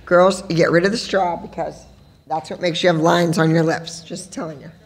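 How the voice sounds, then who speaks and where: A woman who hosts a podcast and teaches dance, telling stories in a chatty, animated way at a live show in a sports bar. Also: lowish voice, moderate pace, slightly rough. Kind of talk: storytelling on stage at a live podcast event.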